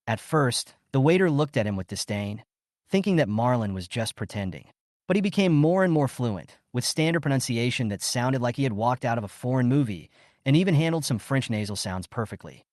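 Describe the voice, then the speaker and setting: A man reading a story recap as scripted narration, in a lively storytelling way. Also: medium pitch, normal speed, no room sound, clean studio sound.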